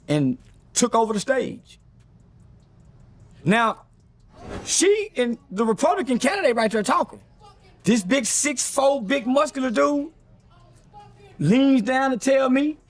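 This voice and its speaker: A man telling a long story in an interview clip, acting out what others said in a deeper voice. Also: dry recording. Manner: animated storyteller, acts out quotes in a deep voice.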